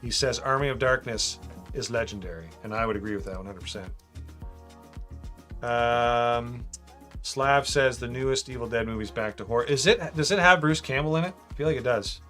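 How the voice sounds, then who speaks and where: A man's voice: mid-range voice, normal speed, sharp tone. A man chatting casually on a live stream while building a model, reading out viewer comments and tossing in "man" a lot. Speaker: livestream host building a brick model. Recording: faint music behind.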